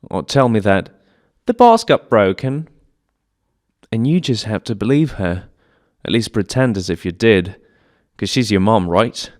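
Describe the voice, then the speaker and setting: A man's voice: fairly low pitch, moderate pace, a little mellow. A man performing a one-man stage monologue, telling it in a plaintive, childlike way. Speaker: solo stage actor. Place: theatre stage.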